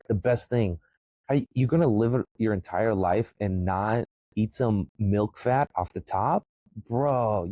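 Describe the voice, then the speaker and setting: A man from the former Soviet Union, hosting a podcast and delivering a profane, emphatic comedic rant that often jumps into a high excited pitch. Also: dry recording, poor audio. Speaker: podcast host.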